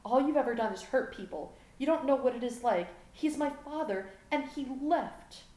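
A woman voicing a grieving, furious teenage boy, her strained voice pushed higher and louder into tearful yelling. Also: moderate pace, lightly acted. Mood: anguished anger. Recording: echoey room with faint background hum.

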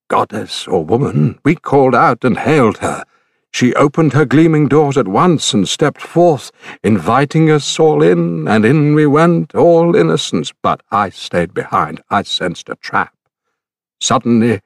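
A man's voice: mid-range voice, creaky, no room sound, clean studio sound, pitched above the performer's own voice, exaggerated voice. A man reading an audiobook voices a grief-stricken male soldier who pleads in fear. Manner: shaken, pleading.

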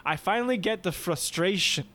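A man co-hosting a podcast, chatting casually with friends and telling animated, joking stories. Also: high voice, normal speed. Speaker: podcast co-host. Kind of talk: casual chat among friends.

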